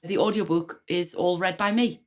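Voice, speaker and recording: A woman with a Geordie accent, co-hosting a podcast in a lively, casual chat, swearing freely and laughing often. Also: on the low side, moderate pace. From North East England. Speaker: podcast co-host and author.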